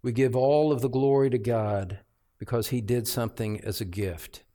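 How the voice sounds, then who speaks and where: A male pastor preaching an expository sermon, emphatic, repeating phrases and swinging from hushed asides to loud outbursts. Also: medium pitch, fairly even intonation, moderate pace. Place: church sanctuary.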